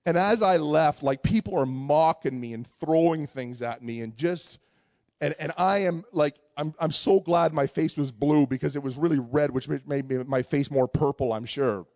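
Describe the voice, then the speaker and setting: A man preaching a sermon, telling a personal story in an animated way with many restarts before turning to scripture. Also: fairly high pitch, moderate pace, no room sound, clean studio sound. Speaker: pastor.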